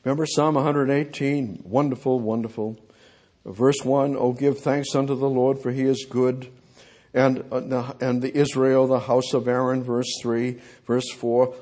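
Husky-voiced man preaching a sermon. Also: medium pitch, little pitch movement. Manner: swings from loud pleading to quiet, drawn-out reading of scripture; rhetorical questions to the congregation.

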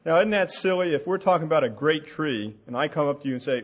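A man teaching a sermon from the Bible, slow and deliberate, asking the audience questions as he reads out passages. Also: on the high side, expressive, muffled recording. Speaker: preacher.

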